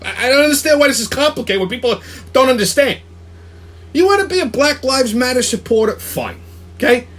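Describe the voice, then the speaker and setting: A man's voice: extremely high pitch, animated, brisk, fairly bright tone. A man hosting a weekly commentary show, ranting angrily and profanely, often stopping to ask "okay?" and stumbling over restarts. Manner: profane, combative, repeats "okay?" and restarts words. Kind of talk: angry opinion rant.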